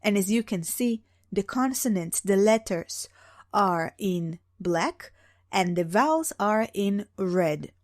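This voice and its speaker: A young woman walks beginners through a reading lesson at an unhurried pace. She draws out example sounds and explains each step patiently. The recording is dry and close. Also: medium pitch, lively intonation, darkish tone, no room sound. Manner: patient, drawn-out demonstrations of sounds. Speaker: Hebrew teacher.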